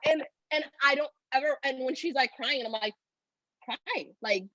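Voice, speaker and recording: A woman in her thirties talks as a podcast guest in loose, run-on phrases packed with "like". Her voice sits a little high, and the recording is close and dry. She sounds emotional and open. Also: brisk, pushed and bright, no room sound, muffled recording. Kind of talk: casual conversational storytelling.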